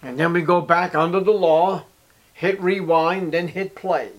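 Male pastor, sermon delivery, emphatic, fairly high-pitched. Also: fairly even intonation, a little slow. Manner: emphatic preaching that swings between loud and hushed; reads scripture aloud.

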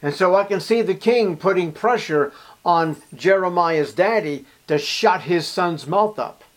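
A man's voice: high voice, lively intonation, a little slow. A man preaching a sermon, speaking emphatically and addressing his listeners directly.

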